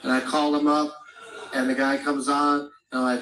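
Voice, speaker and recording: A man works through a stand-up comedy set, telling loose, rambling stories full of profanity. His voice echoes around a live comedy club and sounds as if it comes from a mic some distance away. The recording also carries clear room noise underneath. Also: medium pitch, flat delivery, normal speed, fairly bright tone.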